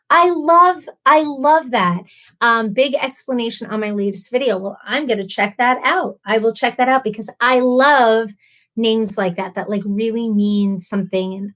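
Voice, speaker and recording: A woman, talking on a casual live stream in a slightly higher voice. She reads out viewer comments and chats back, quick to laugh and quick to get emotional, and she keeps tripping over names. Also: fairly bright tone. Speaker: livestream host reading viewer comments.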